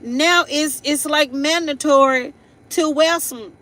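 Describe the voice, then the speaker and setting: Bright-voiced woman giving a chatty tarot reading. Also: high voice, slow pace, poor audio. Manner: rambling and chatty, with laughing asides and repeated tag questions; blunt and playful, with slangy everyday speech. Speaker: tarot reader and live-stream host. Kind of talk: casual live-streamed horoscope reading.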